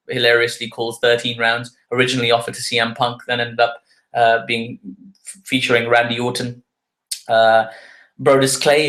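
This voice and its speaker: A man's voice: mid-range voice, a bit bright, rough recording. A man hosting a solo podcast, talking in a chatty, wry way and correcting himself as he goes. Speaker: podcast host.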